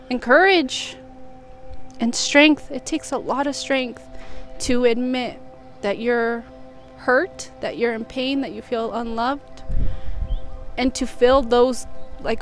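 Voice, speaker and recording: A young woman from the United States, talking through her feelings in a rambling, reflective confessional vlog from her home in Vietnam. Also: on the high side. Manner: reflective, rambling, soft-spoken. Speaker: vlogger. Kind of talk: emotional confessional monologue.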